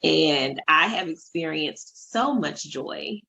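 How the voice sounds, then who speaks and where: A woman in her thirties hosts a casual podcast, her voice a little low and husky. She tells stories effusively, her pitch swinging widely, with plenty of "you know" and "like". The audio is dull and lo-fi, as over a remote call. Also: expressive, takes it slowly. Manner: warm, effusive storytelling with many fillers. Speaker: podcast host and life coach.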